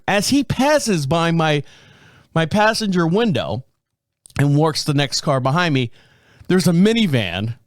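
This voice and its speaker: A man's voice: fairly high pitch, no echo, studio quality. A man around fifty, a podcast host telling a profane, self-mocking story in a casual way.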